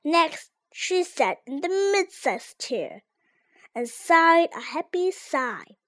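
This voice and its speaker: A child reading a storybook aloud in a slow, careful way. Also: sits high. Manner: slow, careful read-aloud with lively ups and downs. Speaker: reader.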